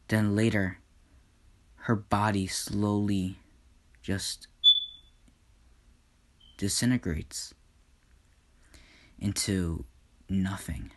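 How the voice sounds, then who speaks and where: A man with a low voice tells a made-up fan story at a slow, unhurried pace. His narration is casual and halting, full of fillers and restarts. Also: steady tone.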